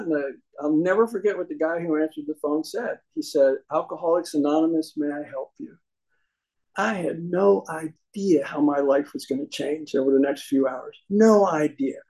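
A man's voice: fairly high pitch, a little mellow, poor audio. A man telling his recovery story to a meeting audience in a folksy, humorous way, acting out the voices of people he quotes.

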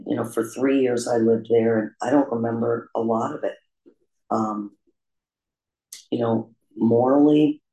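A man candidly telling his own recovery story in a confessional, self-deprecating way, with frequent pauses and "um" fillers. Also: fairly low pitch, creaky, mellow. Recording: roomy echo.

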